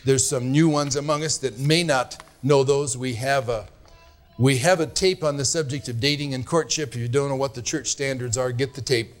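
A man's voice: mid-range voice, fairly even intonation. A man preaching a sermon as pastor, earnest and admonishing, leaning hard on his key words. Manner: earnest, admonishing, drawn-out emphasis.

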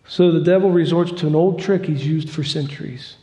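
A man's voice: on the high side, fairly quick, few pauses. A man preaching a sermon, telling a story with growing fervor. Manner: storytelling, fervent, rising to loud excitement. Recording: long hall reverb.

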